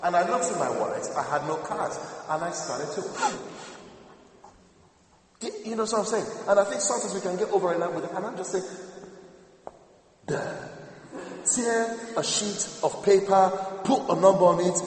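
Male minister, conversational sermon, high pitch; echoey hall sound. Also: animated, brisk, slight background noise. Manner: conversational, with asides to the congregation. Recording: echoey hall with long reverb.

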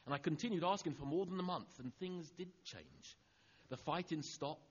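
A middle-aged male preacher tells a personal story from the pulpit, acting out each line of dialogue. His husky voice moves freely up and down in pitch and sinks quiet on the tender moments. The recording is dull and lo-fi. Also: normal speed. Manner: animated storyteller acting out dialogue, dropping soft for tender lines. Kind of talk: sermon storytelling.

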